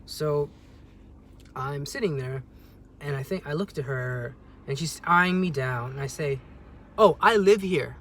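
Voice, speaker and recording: A young man telling a story on a vlog as a rambling, agitated rant, with sudden loud jumps in pitch. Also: unhurried, a little hiss or hum. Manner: rambling, with many restarts. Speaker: vlogger.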